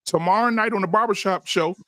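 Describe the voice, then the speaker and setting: A man's voice: high-pitched, fast, fairly bright tone, no room sound. A man hosting a podcast, talking in a preachy, profane and emphatic way in heated panel talk. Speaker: podcast host. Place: live-stream podcast studio.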